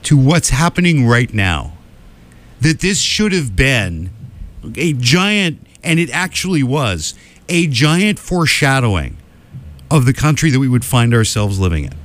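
A man co-hosts a casual podcast and delivers opinionated commentary. His voice is mid-pitched and very lively in its intonation, rising and falling as he builds his points. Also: measured pace. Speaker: podcast host.

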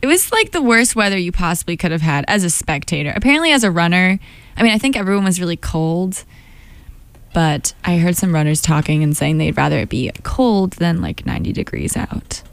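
A woman's voice: on the low side, expressive, brisk, gravelly, no room sound. A young woman co-hosting a college radio show, chatting casually between songs and laughing often.

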